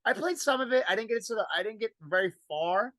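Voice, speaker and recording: A man's voice: high voice, expressive, quick pace, sharp tone, no echo. A man with a Brooklyn accent hosting a casual podcast chat, rambling and repeating himself. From Brooklyn, New York. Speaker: podcast host.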